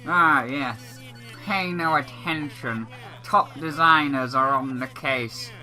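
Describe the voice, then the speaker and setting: A man voicing a scheming snake salesman in a game, talking in a drawn-out, salesy drawl. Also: medium pitch, sharp tone, faint music behind, poor audio.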